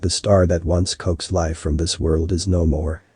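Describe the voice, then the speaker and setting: A man narrating a first-person story in a measured, steady way. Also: deep voice, slightly rough, no room sound, soft background music.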